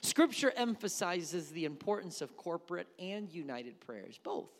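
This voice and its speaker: Pastor, male, high voice; emphatic sermon delivery with repeated key words, long hall reverb. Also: big pitch swings, measured pace. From Wisconsin.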